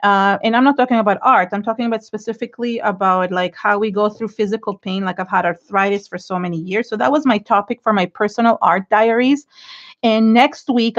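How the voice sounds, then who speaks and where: Chatty effusive woman on a lo-fi livestream. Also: a little high. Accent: Israeli. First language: Hebrew. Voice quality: chatty, rambling, many fillers and restarts. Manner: frank and effusive, gushing thanks to viewers. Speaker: art livestream host. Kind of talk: casual livestream chat while inking. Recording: dull lo-fi livestream audio.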